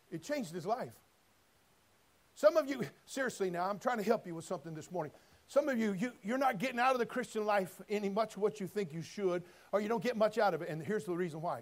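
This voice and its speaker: A man preaching a sermon, folksy and direct, moving between quiet storytelling and loud shouted passages. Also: high-pitched. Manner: folksy, addresses listeners as friend and brother.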